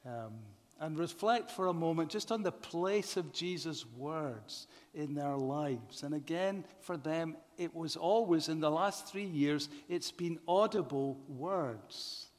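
A man's voice: on the high side, expressive. Man preaching in a long-echoing hall. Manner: measured, rhetorical questions to the congregation. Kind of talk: sermon. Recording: long reverb of a large hall.

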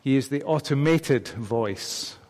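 A man's voice: mid-range voice, animated, slow pace, a little mellow. A man preaching a sermon in a church, talking conversationally and putting questions to the congregation. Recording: long reverb of a large hall.

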